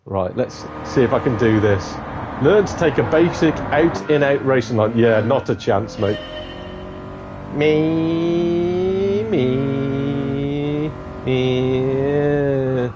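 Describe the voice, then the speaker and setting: A man's voice: medium pitch, extremely slow, long pauses, background noise. A man streaming a racing game, telling crude jokes and laughing often in casual chat. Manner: jokey, laughs often, says "mate". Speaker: gaming streamer.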